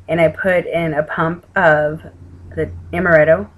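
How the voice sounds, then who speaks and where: A woman's voice: on the low side, fairly even intonation, brisk, poor audio. Texan woman vlogger, casual and rambly, tired and yawning, salty language. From Texas. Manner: chatty, rambling, casual swearing. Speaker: weight-loss vlogger. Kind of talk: casual rambling chat to camera. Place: home room with an open window. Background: outside noise through the window.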